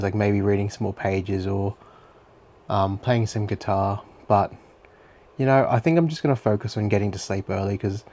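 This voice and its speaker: A man's voice: lowish voice, vocal fry, dark tone. A young Australian man talking through his day in a chatty, rambling diary-style monologue full of fillers. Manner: rambling and chatty, with many fillers and some swearing. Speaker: vlogger.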